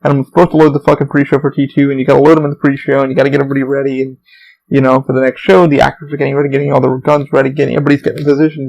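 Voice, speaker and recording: A man's voice: a little high, creaky, darkish tone, poor audio. A man hosting a podcast, telling work stories in a rambling, profane, casual monologue. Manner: profane, storytelling, rambling with restarts. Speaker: podcast host; theme park employee.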